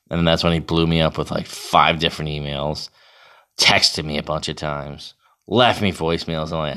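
Very deep-voiced young man ranting. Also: steady tone, moderate pace, bright, forceful tone, smooth. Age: young adult. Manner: profane, rambling, lots of fillers. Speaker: beer league hockey goalie vlogger. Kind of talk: casual rant to camera.

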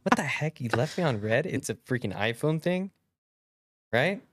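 A woman's voice: a bass voice, expressive, moderate pace, no room sound. Woman, podcast co-host, teasing, mock-dramatic, dry close sound. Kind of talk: casual joking chat.

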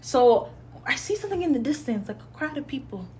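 High-voiced young woman telling a story. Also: a little fast, slight background noise. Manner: animated storyteller, acts out quotes. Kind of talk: casual storytelling chat.

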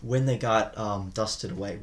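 A man's voice: fairly low pitch, measured pace, a crowd in the background. A man co-hosting a casual podcast, easygoing and curious, asking the questions and musing aloud. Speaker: podcast co-host. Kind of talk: casual chat.

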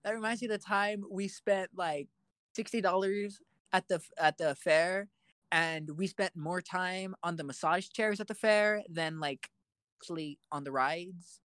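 Young male co-host, animated storyteller who laughs at himself, close and dry. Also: sits high, unhurried, dry recording. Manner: self-mocking, animated storyteller. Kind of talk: casual chat.

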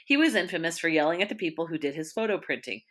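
A woman's voice: on the low side, lively intonation, very fast, a bit bright. A woman hosting a casual podcast chat, reading listener stories aloud and telling her own work stories. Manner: reads listener stories aloud, reacts with laughs. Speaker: podcast host.

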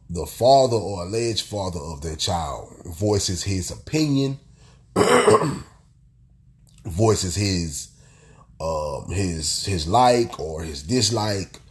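Deep-voiced stuffy man talking. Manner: rambling, repeats phrases, lots of "you know". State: stuffy, congested from illness. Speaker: podcast host. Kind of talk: casual solo podcast monologue.

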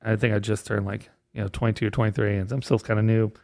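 A man's voice: on the low side, level tone, fast talker, gravelly, a little mellow, no room sound, clean studio sound. A man who works as a comedian and bartender, telling a rambling story in a casual chat and laughing as he goes.

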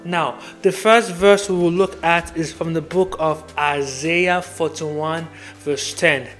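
A man's voice: fairly high pitch, steady tone, slow pace, a bit bright, faint music behind. A man preaching a devotional podcast sermon, earnest and repetitive, reading Bible verses aloud.

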